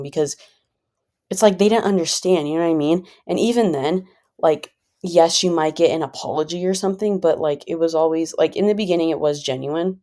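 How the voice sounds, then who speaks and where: Low-voiced woman, rambling chat. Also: fairly quick, dark tone. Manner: rambling, filler-heavy, conversational; calls herself a pretty chill person. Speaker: vlogger. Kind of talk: casual personal monologue.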